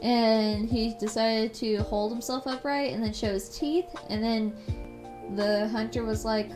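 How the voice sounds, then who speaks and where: Female streamer, high voice, casual spooky story retelling with swearing and tangents. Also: steady tone, unhurried, music in the background. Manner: profane, rambling commentary. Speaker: live streamer. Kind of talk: casual reading of a scary story.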